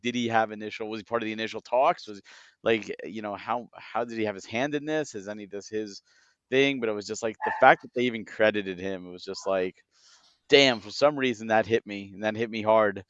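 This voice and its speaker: A man co-hosting a casual podcast, rambling and excitable, jumping into quoted asides. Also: on the low side, clear, resonant tone, no echo, lo-fi sound. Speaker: podcast co-host.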